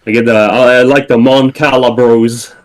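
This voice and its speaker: A man's voice: mid-range voice, level tone, moderate pace, poor audio. A man hosting a livestream, chatting casually and rambling, breaking off mid-thought and swearing lightly. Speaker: livestream host.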